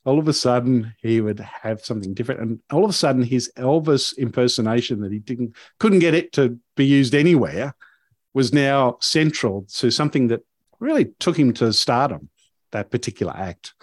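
A man's voice: medium pitch, animated, normal speed, darkish tone, dry recording, clean studio sound. A man hosting a podcast, telling a story in a casual, rambling way with many fillers and restarts.

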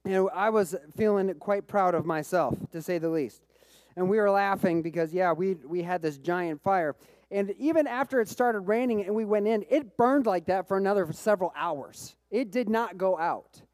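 A man preaching a sermon as pastor, telling a personal story with bursts of excitement and frequent repeated words. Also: high-pitched, moderate pace, no room sound. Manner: repeats words when restarting phrases.

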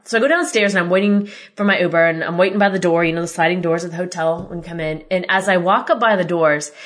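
A woman's voice: medium pitch, fairly bright tone. A woman hosting a podcast, telling a personal story in a candid, exasperated way and swearing freely. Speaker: podcast host.

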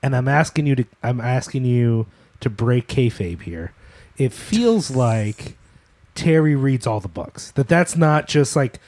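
A man hosting a casual podcast interview, from Philadelphia. His voice sits mid-range but moves through lively swings of pitch. He jokes and swears easily, and the sound is close and dry with no room in it. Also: measured pace, no room sound. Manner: animated, joking, swears casually. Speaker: podcast host.

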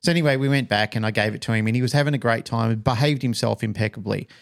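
Australian man telling a lively story. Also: mid-range voice, racing, gravelly. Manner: animated storyteller, acts out quoted voices. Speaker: podcast co-host. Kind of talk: casual chat, personal storytelling.

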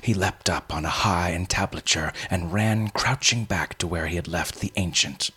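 Male narrator, deep and unhurried, breathy rasp, measured dramatic reading. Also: bright, forceful tone. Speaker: story reader. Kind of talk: scripted fantasy narration.

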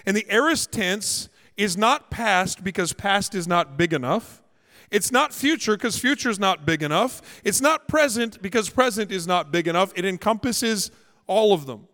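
High-voiced pastor from Canada preaching. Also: male voice, lively intonation, normal speed, sharp tone. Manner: storytelling, humorous, emphatic. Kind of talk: sermon. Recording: echoey hall.

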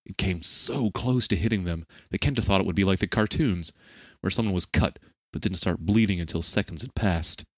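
A man reading an action novel aloud in steady, measured audiobook narration. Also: deep voice, no room sound.

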